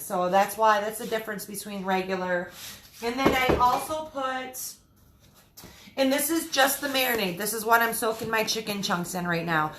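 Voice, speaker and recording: A woman's voice: mid-range voice, fairly bright tone, reverberant, a little hiss or hum. A woman from Michigan hosting a casual live cooking stream from her home kitchen, chatting and greeting viewers by name as she cooks. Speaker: livestream cooking host.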